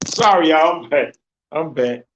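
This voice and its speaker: A man's voice: fairly high pitch, animated, a little slow, background noise. A man hosting a podcast, telling a story in a loose, profane way and laughing often. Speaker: podcast host.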